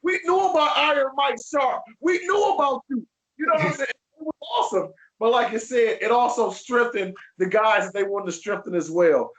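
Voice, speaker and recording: A man in his forties hosts with fan-like enthusiasm. His voice sits very high and rings in an echoey room. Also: a little fast, few pauses, a bit bright. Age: 40s. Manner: enthusiastic, fan-like, repeats "you know what I'm saying". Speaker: podcast host. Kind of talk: casual chat. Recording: roomy, echoey room sound.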